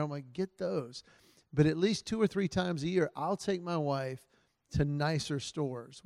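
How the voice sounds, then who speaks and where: Earnest man telling marriage stories to husbands, slightly higher voice, close dry sound with a long hall tail. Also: a little mellow. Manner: earnest, storytelling, quotes his wife in his own voice. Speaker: speaker giving marriage advice to husbands. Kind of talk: casual talk to an audience.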